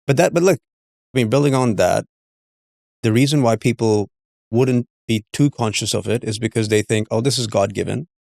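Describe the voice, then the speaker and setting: A man joins the interview and asks a long question, musing as he goes and circling back on himself. His voice is gravelly and mid-pitched, and the sound is dry. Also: normal speed, a little mellow, no echo. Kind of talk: conversational interview.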